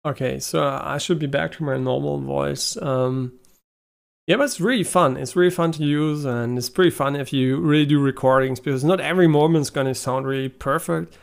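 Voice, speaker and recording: A man's voice: a little high, steady tone, moderate pace, creaky. A man streaming casually, upbeat and chatty, with some restarts. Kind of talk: casual livestream chat.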